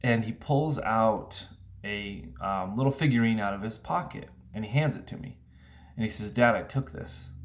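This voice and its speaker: A man in his thirties, a single father, talking earnestly in a casual vlog, halting and restarting often with fillers. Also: lowish voice. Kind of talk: casual reflective vlog monologue.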